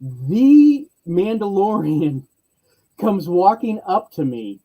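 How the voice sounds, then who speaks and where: A man telling a convention story in casual chat, lively, acting out other people's lines in varied voices. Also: high voice, takes it slowly, dull audio.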